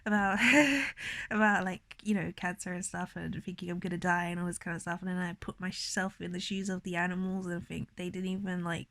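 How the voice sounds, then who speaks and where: A woman's voice: on the low side, flat delivery, quick pace, creaky, few pauses, a bit bright, no echo. A young woman vlogging to camera, rambling and emotional, near tears, with many fillers. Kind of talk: casual confessional vlog.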